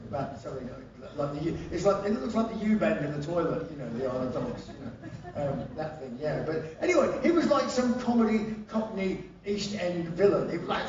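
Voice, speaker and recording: With a fairly high pitch and a slightly quick delivery, a man tells laugh-filled, profane stories to a live audience at a concert venue, and crowd noise can be heard. His animated spoken-word set comes through dull and echoey from far off in the hall.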